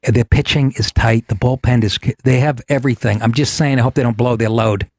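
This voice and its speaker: A man's voice: mid-range voice, fairly even intonation, brisk, a little mellow, no echo. A man hosting a talk show, telling stories in a casual, sarcastic and profane way and putting on voices when he quotes people. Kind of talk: casual comedic monologue.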